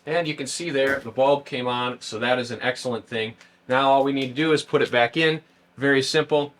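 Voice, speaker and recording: A man's voice: medium pitch, fairly even intonation, fairly quick, a bit bright, a little hiss or hum. A man hosting a how-to channel, talking through a car repair in a casual, step-by-step way, outdoors by a parked car. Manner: plain, step-by-step explaining. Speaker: host of a how-to video channel.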